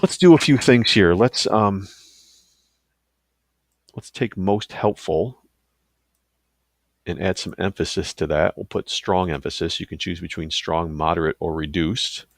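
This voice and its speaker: A man with a very deep, gravelly voice talks through a software tutorial on his computer in a loose, casual way. He fills pauses and adds asides as he clicks along, and the sound is close and dry. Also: no echo. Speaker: teacher giving a software tutorial. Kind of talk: screen-recorded tutorial.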